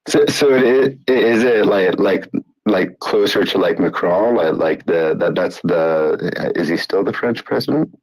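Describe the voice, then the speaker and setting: A man's voice: low voice, measured pace, darkish tone, breathy edge, rough recording. A man with a Canadian accent from Canada asks a question in a casual online audio chat, rambling and hesitant. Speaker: listener asking a question.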